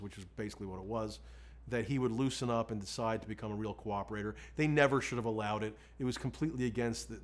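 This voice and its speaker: A middle-aged male defense lawyer looking back on a case in an interview, frank and animated, breaking into laughs as he tells it. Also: medium pitch. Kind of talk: candid recollection in an interview.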